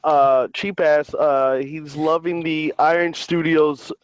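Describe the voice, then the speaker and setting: A man hosting a collectors' panel, teasing guests loudly in crude casual banter. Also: a little high, flat delivery, slow pace, clean tone, no echo. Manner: loud, joking, teasing. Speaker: panel host.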